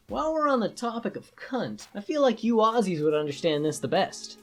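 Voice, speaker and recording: Lively, crude woman joking. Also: mid-range voice, moderate pace. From Canada. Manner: sarcastic, playful and crude, slipping into mock voices. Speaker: YouTuber. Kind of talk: comedic explainer monologue.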